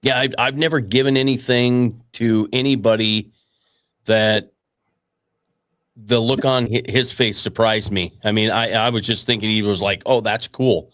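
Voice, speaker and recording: A man's voice: lowish voice, steady tone, normal speed, a bit bright. A man hosting a casual chat, easygoing and chuckling as he talks. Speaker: host.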